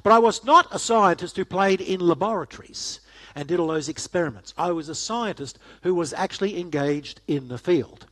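Man, middle-aged, joking church talk, slightly high voice, chatty. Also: expressive, moderate pace, a bit bright. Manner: jokey, chatty, asks the audience questions. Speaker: guest speaker. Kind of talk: testimony talk to a church audience.

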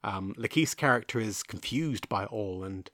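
A man's voice: lowish voice, normal speed, a bit bright, no echo, clean studio sound. A young man hosting a film podcast, reviewing movies in a chatty, rambling, self-deprecating way. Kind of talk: casual solo film review.

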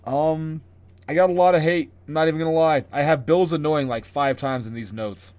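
A man's voice: fairly high pitch, normal speed, darkish tone. A man co-hosting a casual podcast, sarcastic and swearing freely. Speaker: podcast co-host. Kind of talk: casual chat.

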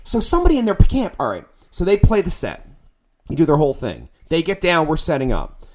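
A middle-aged man, a musician, telling a band story in casual podcast talk, animated and profane, acting out his own shouting. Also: on the high side, fairly quick.

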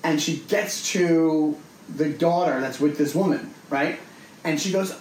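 A man co-hosting a casual podcast, telling a long story in an animated way and acting out the voices of the people in it. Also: fairly high pitch, unhurried. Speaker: podcast co-host. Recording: echoey room with faint noise.

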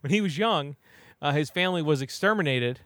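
A young adult man recapping a movie in a rambling, comedic way, full of fillers and quick character voices. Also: fairly high pitch, expressive, a bit bright, no echo, clean studio sound. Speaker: podcast host recapping a movie.

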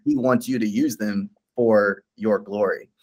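A man's voice: on the low side, a little slow, darkish tone. A man who is a pastor, speaking earnestly and encouragingly in a casual faith conversation, with many fillers and restarts.

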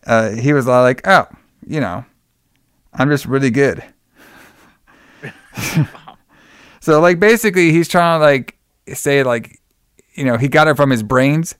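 A man's voice: a little high, expressive, a little slow, pauses often, smooth, no room sound, clean studio sound. A man hosting a podcast, recapping a film in casual chat, rambling and swearing, laughing often and acting out the characters' lines.

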